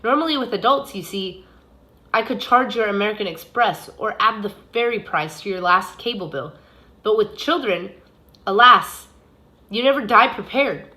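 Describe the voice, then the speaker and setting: A woman's voice: mid-range voice, animated, moderate pace, pushed and bright. Woman putting on a sly, silky gatekeeper. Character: smooth, greedy male underworld gatekeeper, adult.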